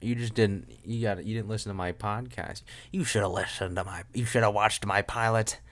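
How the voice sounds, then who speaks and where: A man's voice: fairly low pitch, fairly even intonation, normal speed, a bit bright. Rambling, joking young man podcaster. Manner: joking, self-mocking, trails off and restarts. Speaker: podcast host. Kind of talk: rambling solo podcast monologue. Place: room at home with a loud air conditioner.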